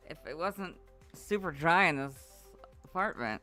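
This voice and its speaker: Tired man with lively, swooping pitch. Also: unhurried, soft background music. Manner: reads entries aloud loudly, then drops to weary murmurs. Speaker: video editor and channel host. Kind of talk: livestream commentary while editing. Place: dry apartment.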